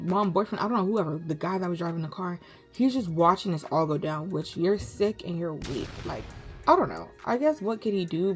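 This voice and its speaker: A young woman vlogger telling a story in a slangy, animated way, full of dramatic asides. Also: on the low side. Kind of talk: storytime vlog.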